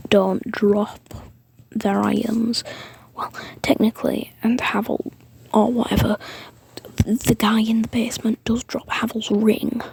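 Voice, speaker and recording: A woman's voice: a little high, vocal fry, dark tone, slightly rough, no room sound. A woman whispering a rambling story, with frequent fillers and restarts.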